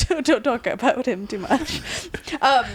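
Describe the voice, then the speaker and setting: A woman's voice: fairly high pitch, animated. Chatty woman over background chatter. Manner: chatty, quick to laugh. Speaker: guest, host's sister. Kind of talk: casual storytelling chat.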